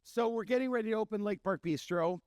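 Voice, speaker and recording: A middle-aged man, a chef and restaurant owner, telling stories in an animated way and acting out the voices of the people he quotes. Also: sits high, fast, dry recording, clean studio sound. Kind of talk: storytelling talk.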